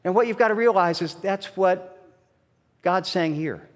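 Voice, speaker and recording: A man's voice: high-pitched, unhurried, in a large hall. A man preaching a sermon as pastor, telling stories in a conversational way with many restarts and growing emphatic. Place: church sanctuary.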